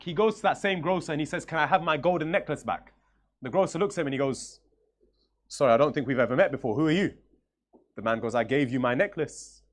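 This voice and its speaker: A young man giving a religious lecture, telling a story in a conversational way and voicing the characters' lines. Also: fairly high pitch.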